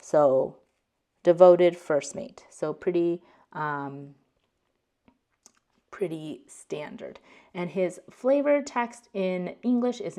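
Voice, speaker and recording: A woman's voice: lowish voice, slow pace, pauses often, warm tone. A woman hosting a casual language lesson, chatting with frequent ums and likes as she reads out card text in two languages. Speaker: card game channel host.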